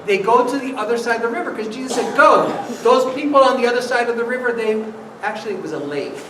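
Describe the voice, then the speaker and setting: A priest telling a playful children's story in church and coaxing the kids with questions. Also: male voice, extremely high pitch, fast, a crowd in the background. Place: church sanctuary. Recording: echoey church from far off, noisy.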